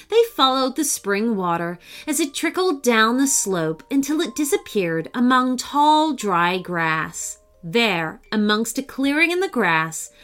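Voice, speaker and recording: A woman's voice: a little high, a bit bright. A woman narrating a children's storybook, reading alliterative animal lists in a sing-song way.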